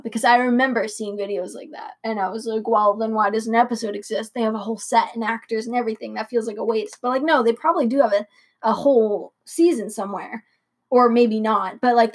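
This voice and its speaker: A young woman co-hosting a late-night podcast, rambling casually with lots of fillers and restarts. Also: on the high side. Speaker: podcast co-host.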